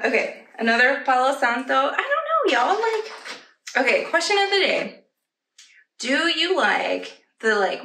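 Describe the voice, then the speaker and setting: High, lively, giggly woman vlogger. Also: gravelly, a little hiss or hum. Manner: chatty, giggly, trailing asides to her pets. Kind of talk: casual haul chat to camera. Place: at home, indoors. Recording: roomy, slightly distant home audio.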